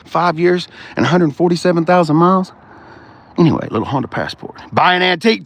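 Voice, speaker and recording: A man's voice: high-pitched, a little fast, fairly bright tone, no room sound. A middle-aged man, hosting a casual walk-around car review and ranting with blunt, profane opinions.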